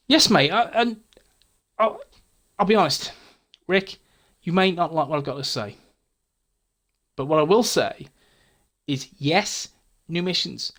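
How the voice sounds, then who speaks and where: A man's voice: a little high, expressive, a little slow, long pauses, a bit bright. A man hosting a gaming channel, casually answering viewer comments in a frank, chatty way, often stumbling and repeating words.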